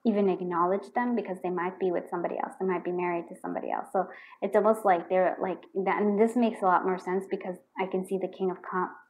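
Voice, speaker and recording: A fast-talking woman with a lowish voice, recorded in poor audio, gives a pick-a-card tarot reading. She rambles loosely with plenty of fillers and restarts, murmuring repeated questions to herself as she draws. When a card confirms her read, she gets excited and bursts out.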